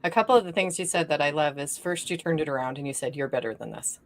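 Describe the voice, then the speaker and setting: A woman with a slightly low voice hosts a podcast conversation. She speaks in an earnest, affirming way. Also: fast talker. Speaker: podcast host. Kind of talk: casual conversation.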